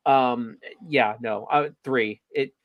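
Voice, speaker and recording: A man's voice: medium pitch, takes it slowly, dull audio. A man in a casual review chat, stammering and repeating words as he vents his frustration.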